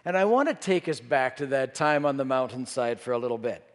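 A man's voice: medium pitch, lively intonation, brisk. A man preaching a sermon, telling a story and acting out the disciples' voices. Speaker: pastor. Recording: reverberant hall.

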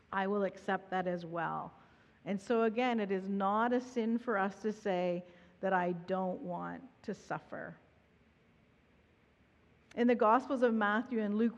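A woman pastor preaching a sermon in an earnest, reflective way, her voice softening when she voices prayers. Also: mid-range voice. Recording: dull audio with long hall reverb.

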